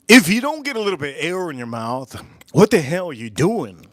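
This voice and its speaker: Recorded with studio quality and no echo, this man hosts a whiskey livestream at a brisk pace. He reads chat comments aloud, tossing in crude jokes and rambling asides, his pitch swinging animatedly and jumping up whenever he exclaims.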